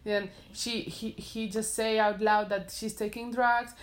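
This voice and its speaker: Halting woman in casual chat. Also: a little high, flat delivery. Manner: halting, searching for words.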